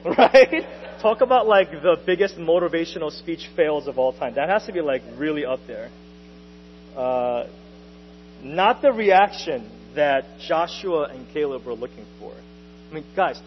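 A young man preaching a sermon in a casual, lively way, full of slang and little asides. His voice sits a bit high. It rings with long reverb through the church hall, and the recording is dull with a faint hum underneath. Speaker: pastor.

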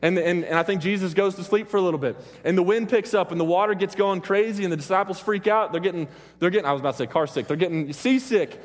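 Man, preaching, rambling and joking, fairly high voice, long hall reverb. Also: fast. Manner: rambling, self-interrupting, joking with the crowd. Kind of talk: sermon with personal stories. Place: church hall with an audience.

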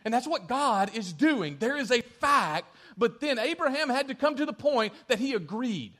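A man preaching a sermon, telling the story with lively shifts in volume and acting out quoted lines. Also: very high-pitched, normal speed, few pauses. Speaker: pastor.

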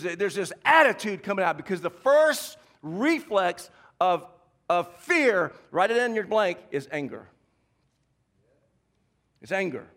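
A man from the American South delivers a sermon in a high, bright voice. He presses on his points with repetition and swings from quiet, low lines to loud shouts. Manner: emphatic preacher, swings from hushed to shouting, repeats key lines. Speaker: pastor.

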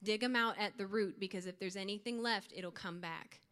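A woman's voice: mid-range voice, normal speed, fairly bright tone. A young woman giving an earnest, informal youth sermon to her church group, with light laughs. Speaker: youth speaker.

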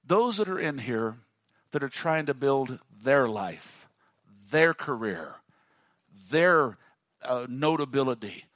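A male pastor preaching a lively sermon and calling on the congregation to respond. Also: mid-range voice, slow pace, pauses often, no echo, studio quality. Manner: dynamic, call-and-response with the congregation.

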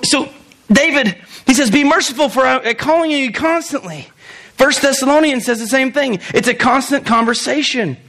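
A middle-aged man preaching with a high-pitched voice. He keeps it loose and chatty, cracking jokes and throwing in asides. He often trips over his words, restarting and repeating them. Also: fairly bright tone. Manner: conversational and joking, with laughs and asides. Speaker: pastor. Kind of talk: sermon.

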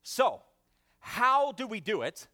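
A male pastor preaching a lively sermon, leading the congregation in repeated phrases and often filling pauses with "uh". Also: very high-pitched. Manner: energetic, calls for responses from the congregation; frequent "uh" fillers.

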